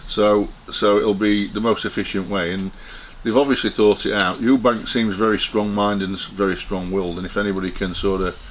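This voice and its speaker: A man with a fairly low voice talks at a measured pace in a casual chat, hesitating and restarting as he thinks. Faint noise sits behind him. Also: steady tone. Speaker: guest.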